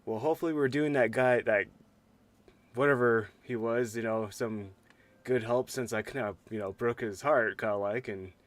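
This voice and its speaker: A man's voice: medium pitch, fairly even intonation, normal speed. A man playing in a tabletop game, laid-back, chuckling and stammering. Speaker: player. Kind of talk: casual tabletop role-play.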